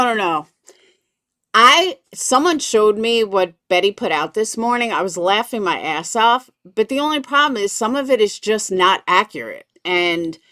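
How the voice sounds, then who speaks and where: A chatty woman hosts a live stream, greeting viewers by name as she talks. Her pitch bounces around a lot, and her voice sounds dry and close, with no room echo. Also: a bit bright. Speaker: livestream commentary host.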